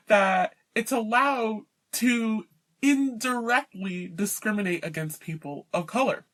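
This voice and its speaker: A woman's voice: medium pitch, a little slow, fairly bright tone. A woman giving an indignant, emphatic personal rant to camera, worn out and mocking the people she talks about. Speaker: vlogger.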